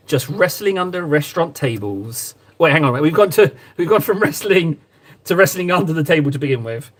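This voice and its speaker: Painting miniatures on a live stream, a man rambles and chats playfully with viewers. He has a fairly high, fairly bright voice with lively intonation and a normal speaking speed.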